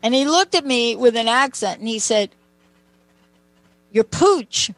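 A woman's voice: a little high, fairly quick, fairly bright tone, no room sound, low-quality recording. Chatty woman hosting, dry close sound. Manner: chatty, personal anecdotes, asides to a co-host. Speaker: show host. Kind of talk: conversational storytelling.

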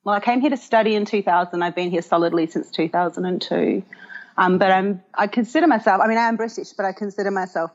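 A woman's voice: medium pitch, steady tone, fast. Thoughtful woman from Australia, muffled. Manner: thoughtful, hesitant with fillers. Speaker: guest, human rights lawyer. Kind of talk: interview answers.

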